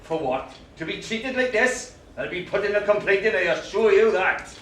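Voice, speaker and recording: Male actor as a gruff, swearing old grump, high and sharp, caught live from far off in an echoey theatre. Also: expressive, moderate pace, a little hiss or hum. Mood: indignant. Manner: gruff, complaining, swearing, bossy. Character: cantankerous older British man in hospital waiting room. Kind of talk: live stage monologue. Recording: roomy live stage sound, distant mic.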